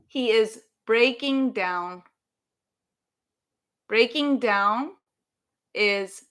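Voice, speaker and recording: Woman, English teacher, slow careful delivery, bright voice, live online lesson. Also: a little high. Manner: slow, careful, encouraging explanations reading out students' sentences.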